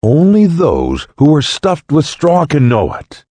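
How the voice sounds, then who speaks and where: A man's voice: fairly high pitch, huge pitch swings, a little slow, dark tone, slightly rough, no echo, voice pushed up, heavily acted. A man voicing a proud male scarecrow in a storybook parable, speaking smugly.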